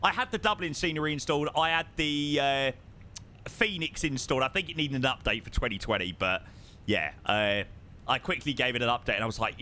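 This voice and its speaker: A man's voice: medium pitch, a little fast, bright, forceful tone, a little hiss or hum. A man with a southern English accent chatting casually on a live stream, reading out viewer messages and swearing freely. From southern England. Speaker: flight sim streamer.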